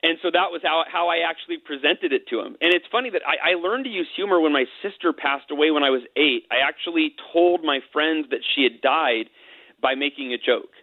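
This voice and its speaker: Fast-talking man on a tinny phone line. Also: on the high side, dry recording. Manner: candid, emotional, quick to joke. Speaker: guest. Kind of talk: personal storytelling in an interview.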